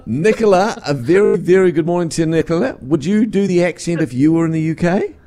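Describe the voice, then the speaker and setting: A man's voice: on the high side, expressive, fairly quick, mellow. A man with a New Zealand accent, hosting a breakfast radio show and reading out listener texts with teasing banter.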